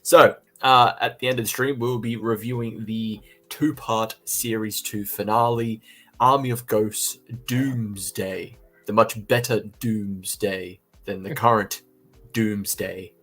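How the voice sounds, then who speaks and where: Low-voiced teasing male co-host. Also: steady tone, takes it slowly, a bit bright. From not American. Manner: teasing, laughs often. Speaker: podcast co-host. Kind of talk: casual live-stream chat.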